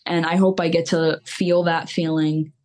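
A young singer-songwriter talks openly and at length as a guest on a casual podcast, candid and rambling with fillers. Her low, darkish voice holds a level tone and an unhurried pace.

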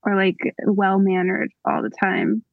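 A young adult woman, a singer-songwriter guest, speaking in relaxed casual chat full of fillers. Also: medium pitch, measured pace, vocal fry, no echo, phone-quality sound. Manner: relaxed, filler-heavy, reassuring.

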